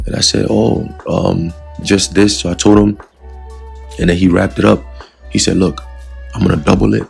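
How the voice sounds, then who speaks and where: A man giving a casual spoken testimony of a dream as a religious lesson, relaxed and full of fillers. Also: sits low, moderate pace, vocal fry, slightly rough, faint music behind. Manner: relaxed storytelling with many fillers. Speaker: religious teacher recounting a dream.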